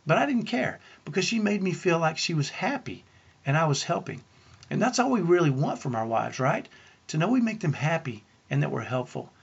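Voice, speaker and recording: A man's voice: fairly high pitch, very animated, fairly quick, gravelly, husky, dull audio. A man who works as a parenting coach, telling family stories to parents in an earnest way and asking the listener rhetorical questions. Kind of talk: storytelling talk to parents.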